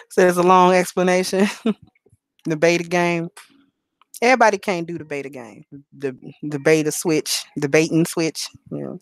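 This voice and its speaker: A woman's voice: fairly low pitch, fairly even intonation, measured pace, pauses often, no echo. A woman hosting a live stream, talking bluntly and profanely in a preachy, casual way. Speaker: livestream host.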